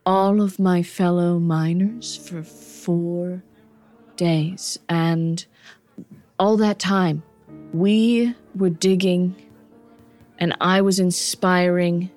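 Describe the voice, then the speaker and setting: A woman's voice: lowish voice, fairly even intonation, very slow, pauses often, a little mellow, soft background music. A woman doing a rambling dwarf miner woman. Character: chatty boastful female dwarf miner.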